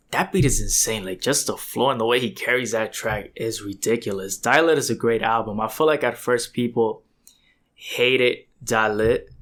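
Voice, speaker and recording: A man's voice: medium pitch, fairly bright tone. Young man rambling through a music reaction. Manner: rambling, loose, lots of filler "like" and "bro". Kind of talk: casual music reaction commentary.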